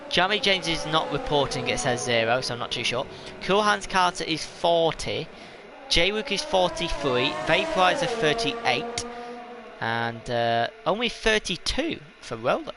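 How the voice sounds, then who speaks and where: A man's voice: on the high side, creaky. A man giving live, chatty commentary on a sim race, rambling and laughing at himself.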